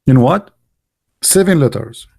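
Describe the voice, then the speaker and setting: A man's voice: medium pitch, lively intonation, a little slow, vocal fry, darkish tone, slightly rough. A man giving a mocking polemical monologue, full of rhetorical questions and broken grammar. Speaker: religious commentator.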